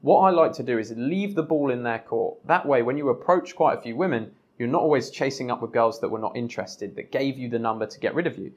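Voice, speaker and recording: A young man coaches listeners on dating in a blunt, direct monologue. His voice sits in a middle pitch, and he drops in swear words without a second thought. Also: fast, hardly any pauses, dull audio. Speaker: podcast host.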